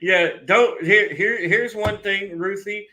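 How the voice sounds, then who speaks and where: A man's voice: sits high, slow, bright, forceful tone, low-quality recording. A man hosting a casual online chat show, rambling and swearing freely, often breaking into laughter. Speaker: podcast host.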